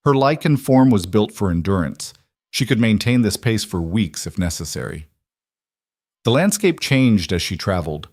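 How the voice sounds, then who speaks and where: A man narrating a fantasy audiobook in a steady, measured storytelling manner. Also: on the low side, no room sound, studio quality.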